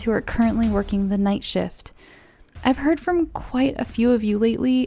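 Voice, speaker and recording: A woman's voice: on the high side, moderate pace, warm tone. Tired, rambling woman podcast host. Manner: rambling, chatty, openly grateful. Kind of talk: casual podcast intro.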